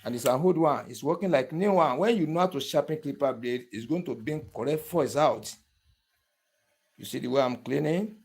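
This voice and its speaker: A man's voice: fairly high pitch, moderate pace, a little mellow, breathy edge. A man giving a hands-on tutorial, repeating each step and often asking whether the viewer can see what he is doing. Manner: repetitive step-by-step instructions, keeps checking the viewer follows. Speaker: barber tool instructor.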